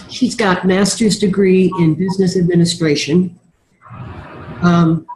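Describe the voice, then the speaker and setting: A woman's voice: mid-range voice, slight background noise. A woman speaking over a video call from an office, earnest and sincere, her voice nasal from a sinus infection, with frequent ums and restarts. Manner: earnest, warm-hearted, with many ums and restarts. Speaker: guest speaker, refugee services worker. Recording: echoey video call audio.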